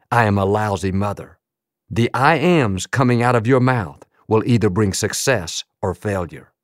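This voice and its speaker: A man's voice: mid-range voice, no room sound. Rhythmic preaching man, dry close sound. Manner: rhythmic, emphatic delivery with slowed quoted phrases. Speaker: pastor. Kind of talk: sermon.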